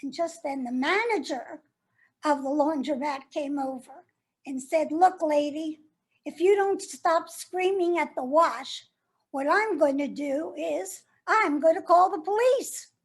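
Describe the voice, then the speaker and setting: A wounded, sardonic jilted lover , played by a woman, speaks in a very high, thin voice. She takes her time, drawing out each line slowly and deliberately. It is a stage monologue with a biting edge. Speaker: actor performing a monologue.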